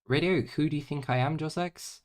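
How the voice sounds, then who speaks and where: A man streaming himself doing homework in casual chat, muttering to himself, tossing out playful nonsense words and halting French, and drifting between loud bursts and quiet mumbling. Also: a little high.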